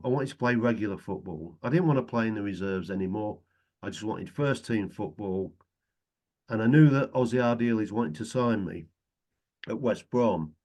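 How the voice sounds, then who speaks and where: A man's voice: medium pitch, a little mellow. A middle-aged man chatting casually as a guest, telling anecdotes and chuckling often. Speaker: guest, retired footballer.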